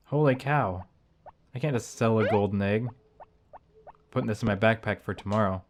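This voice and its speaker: A man talking casually over his gameplay as a YouTuber, thinking out loud with rambling asides. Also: medium pitch, normal speed, slight background noise. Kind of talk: casual let's-play commentary.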